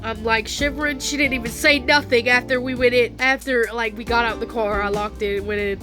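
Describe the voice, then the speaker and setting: A woman's voice: fairly high pitch, steady tone, brisk, over music. A young woman telling a casual storytime vlog, chatty and slangy, laughing often. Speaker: vlogger. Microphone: phone.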